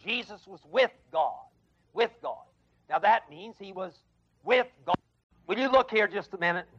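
A man's voice: sits high, lively intonation, a little slow, a bit bright, husky. A man teaching an adult Bible class in a classroom, emphatic, repeating key words and quizzing his listeners. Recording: dull lo-fi 1979 class recording.

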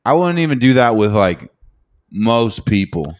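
A man's voice: medium pitch, sing-song, unhurried, smooth. A young man in casual chat, blunt and joking, swearing often. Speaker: podcast co-host.

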